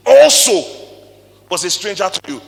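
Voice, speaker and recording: A man with a Nigerian accent giving an animated motivational talk to a live audience, firing rhetorical questions and swinging between loud and soft. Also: high voice, normal speed, vocal fry. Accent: Nigerian English. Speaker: motivational speaker. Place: stage in a hall before an audience. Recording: long reverb of a large hall.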